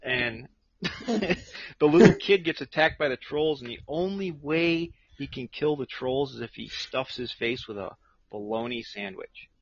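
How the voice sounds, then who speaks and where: A man's voice: mid-range voice, expressive, unhurried, slightly rough. A man chatting casually about bad movies, laughing a lot and swearing as he tells stories. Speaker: podcast co-host. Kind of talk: casual chat. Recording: dull lo-fi sound with chatter behind.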